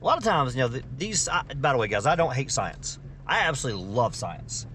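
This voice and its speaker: A man's voice: mid-range voice, sing-song, brisk, fairly bright tone. A man, chatting casually and folksily as he narrates an off-road drive from inside his Jeep. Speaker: off-road vlogger. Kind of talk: casual narration while driving. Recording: engine and road noise behind.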